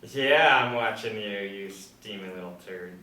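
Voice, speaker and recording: A man reading the part of a boastful, folksy male drifter who calls himself a soldier of fortune, talking with swagger and sudden loud bursts. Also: on the low side, a little slow. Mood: folksy boasting. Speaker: table-read actor. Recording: roomy, distant mic, faint background hum.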